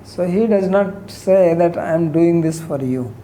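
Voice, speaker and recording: A man gives an unhurried scripture lecture, his mellow, low-key voice fading softly at the ends of phrases. He lifts his pitch when he acts out quoted speech. A faint hum of ambience sits behind him. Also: poor audio. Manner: soft-spoken, voice trails off at phrase ends. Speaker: scripture teacher.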